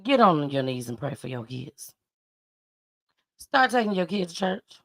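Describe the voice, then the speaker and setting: A woman's voice: lowish voice, sing-song, a little slow. A woman hosting a commentary show, reacting to news clips with emphatic, repetitive advice to parents. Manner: emphatic, preachy, repeats her points. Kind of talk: casual commentary.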